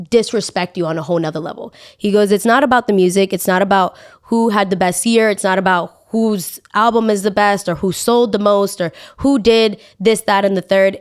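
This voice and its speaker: A young woman hosting a podcast, talking casually in an animated, dramatic and exasperated way. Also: medium pitch. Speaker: podcast host. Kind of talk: casual opinion monologue.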